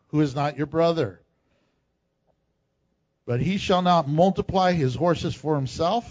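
A man pastor preaching a sermon, reading scripture aloud in an animated way. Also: high voice, muffled recording.

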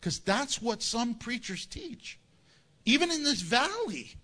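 A male pastor preaching a sermon, animated and jokey, acting out the voices of people he quotes. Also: extremely high pitch, slow pace.

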